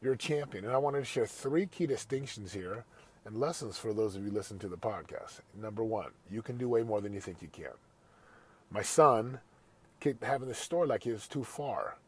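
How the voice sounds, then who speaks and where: A man's voice: lowish voice, expressive, brisk, breathy edge. A man hosting a motivational podcast, telling a family story in an earnest, conversational way and turning it into a pep talk. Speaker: podcast host; father.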